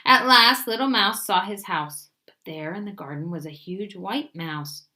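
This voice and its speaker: A woman librarian reading a children's story aloud in an expressive storytelling manner. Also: mid-range voice, a little slow.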